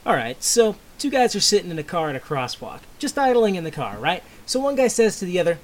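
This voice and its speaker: A man hosting a homemade comedy recording, telling a joke with loud high character voices and mumbling apologies afterward. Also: big pitch swings, fast, hardly any pauses. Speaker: comedy show host. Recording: faint hiss.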